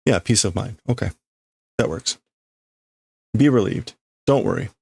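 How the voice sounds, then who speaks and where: A man's voice: fairly low pitch, lively intonation, a little slow, vocal fry, darkish tone, slightly rough, dry recording. A man livestreaming as he reads and translates manga in a casual way, thinking aloud and often stopping to correct himself.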